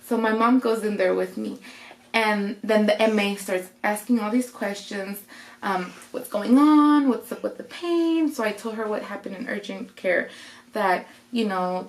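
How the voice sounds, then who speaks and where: A woman's voice: medium pitch, gravelly. A young woman casually telling a personal story, acting out what people said along the way. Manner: chatty, retelling with quoted voices. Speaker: vlogger. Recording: roomy echo.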